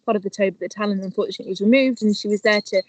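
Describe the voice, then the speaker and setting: A woman's voice: medium pitch, racing, dry recording, rough recording. Upbeat woman co-host, dry close sound. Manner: teasing, upbeat, reads out viewer messages. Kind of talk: casual live-stream chat.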